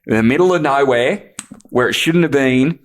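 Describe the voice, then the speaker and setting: A man's voice: medium pitch, normal speed. Swearing man telling stories. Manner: swears a lot, laughing at his own prank story. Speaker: guest, bodyboarder. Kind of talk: casual storytelling.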